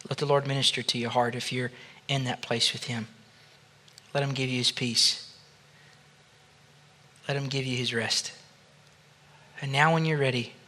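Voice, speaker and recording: A man, a pastor, leading a congregation through a slow, gentle guided prayer of forgiveness. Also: mid-range voice. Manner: soft, slow prayerful guidance that rises to loud praise.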